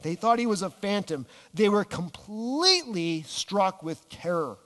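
A man preaching a sermon, animated, dropping his voice low and slowing down on key words. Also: big-room sound. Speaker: pastor.

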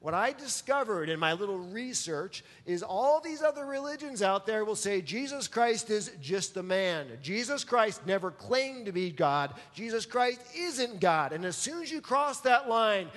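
High-pitched guy preaching, emphatic, pushes the crowd to answer, long hall reverb. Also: expressive, unhurried, hardly any pauses, a bit bright. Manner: emphatic, calls for audience response. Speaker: pastor. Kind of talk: sermon.

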